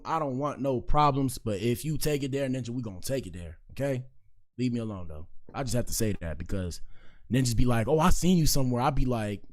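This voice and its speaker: A man in his twenties talking casually to his stream viewers in loose slangy banter as he reacts to clips. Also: medium pitch. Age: 20s.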